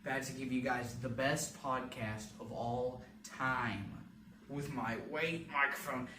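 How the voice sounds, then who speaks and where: Young male podcast host, silly and self-mocking, unhurried, recorded in a roomy basement with faint ambience. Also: medium pitch, fairly even intonation, background noise. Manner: goofy, self-mocking and rambling. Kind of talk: casual solo podcast chat. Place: home basement. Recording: echoey room, mic a bit far.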